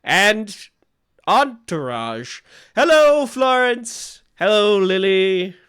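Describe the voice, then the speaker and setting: A man's voice: sits high, very animated, extremely slow, a bit bright, clean tone, pitched above the performer's own voice, heavily acted. A man voicing a tipsy, jovial male aristocrat who gushes at his guests. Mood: giddy. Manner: effusive and giddy.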